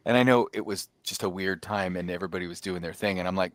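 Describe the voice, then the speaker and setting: A man co-hosting a podcast, telling a story in animated casual chat and acting out the texts he got. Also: low-pitched, fast, hardly any pauses, dry recording. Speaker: podcast co-host.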